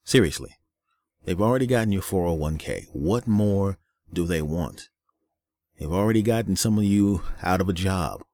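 A man's voice: low-pitched, expressive, moderate pace, darkish tone, no room sound. A man hosting a solo podcast, ranting in a weary, angry way, with a lot of profanity and repetition. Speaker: podcast host.

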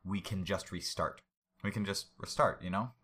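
Guy doing a manic ranting villain, low voice, bright edge. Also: normal speed, husky. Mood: raving. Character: unhinged grandiose male villain, raving. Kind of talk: reading a story aloud.

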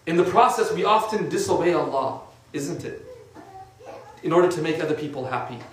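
A man's voice: fairly high pitch, animated, fairly quick, slight background noise. Echoey man giving a casual sermon. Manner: conversational, uses casual fillers. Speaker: religious speaker. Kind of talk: informal sermon. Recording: echoey room from a distant mic.

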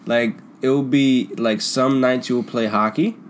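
A young man telling stories from school in a casual, slangy chat, laughing often and trailing off into quieter mumbles. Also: medium pitch, fairly even intonation, unhurried. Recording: faint background noise.

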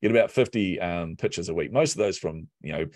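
A man who coaches business and marketing, chatting as a podcast guest from his office, telling animated stories and laughing often. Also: low-pitched, a little fast, no room sound. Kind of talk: casual podcast conversation.

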